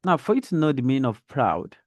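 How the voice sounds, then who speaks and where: A man teaching a reading lesson for young children, explaining slowly and demonstrating intonation as he reads aloud. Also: medium pitch, sing-song, no room sound, studio quality.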